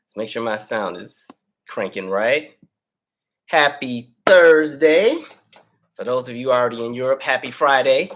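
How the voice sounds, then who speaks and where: A man's voice: mid-range voice, unhurried, a little hiss or hum. Male host doing laid-back live chat with viewers, slightly winded, easygoing delivery. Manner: relaxed, chatty, reads viewer names aloud. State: out of breath. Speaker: livestream host. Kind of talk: casual livestream chat.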